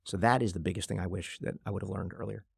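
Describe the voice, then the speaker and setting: Fast-talking gravelly man, animated storyteller. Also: low voice, no room sound, studio quality. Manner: fast, animated storyteller who acts out quotes. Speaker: guest, venture investor. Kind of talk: conversational podcast interview.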